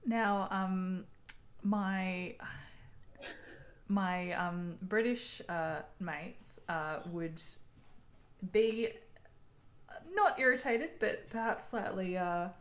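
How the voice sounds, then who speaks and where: A woman hosting a casual chat, hesitant with fillers and quick to laugh. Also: medium pitch. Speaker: host.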